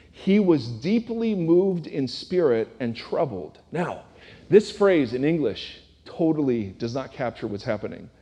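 High-voiced pastor in a reverberant hall. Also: male voice, warm tone, slightly rough. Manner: casual, asks the audience rhetorical questions. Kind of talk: conversational sermon. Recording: long reverb of a large hall.

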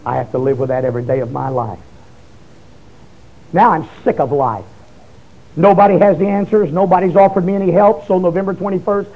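A man's voice: a little high, lo-fi sound. Fiery preacher man. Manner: shouting, pleading bursts. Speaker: preacher giving testimony. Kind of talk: fiery testimony sermon.

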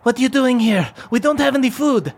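A man voicing a teenage girl frost dwarf, anxious and pleading, hurried and polite. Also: extremely high pitch, lively intonation, vocal fry, slightly rough, voice pushed up, exaggerated voice. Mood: urgent. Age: teen figure.

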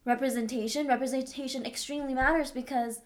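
A woman's voice: sits high, steady tone, fast. A young adult woman talking in a candid, emphatic way in a casual chat.

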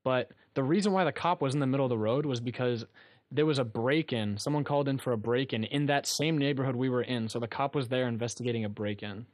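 A young man recounts a rambling story in loose, casual chat, and now and then he laughs at his own tale. His voice sits at an ordinary middle pitch for a man, and the recording is dry and close with no room sound around it. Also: fast talker, no echo. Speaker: guest storyteller.

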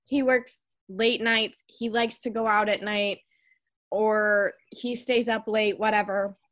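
A woman's voice: mid-range voice, fairly even intonation, slow, fairly bright tone. A young woman hosting a podcast, giving advice in a chatty casual way with lots of fillers. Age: young adult. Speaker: podcast host. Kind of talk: casual chat.

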